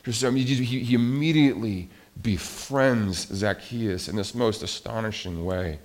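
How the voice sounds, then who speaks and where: A man preaching a sermon in a conversational, animated way, swinging between soft and loud. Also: on the low side, unhurried. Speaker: pastor.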